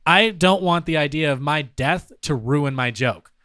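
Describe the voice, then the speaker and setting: A man's voice: fairly high pitch, a little slow, bright, forceful tone, no room sound, studio quality. A man co-hosting a podcast, debating in a playful, joking way and acting out quoted reactions. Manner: playful, acts out quoted voices. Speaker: podcast co-host. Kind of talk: casual comedic debate.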